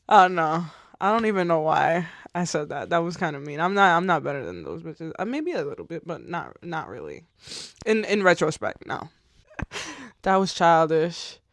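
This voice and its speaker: A woman's voice: on the low side, sing-song, measured pace, dry recording, clean studio sound. A woman in her twenties talking candidly to camera in a vlog, rambling, slangy and swearing, tearful at times. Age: 20s. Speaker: vlogger.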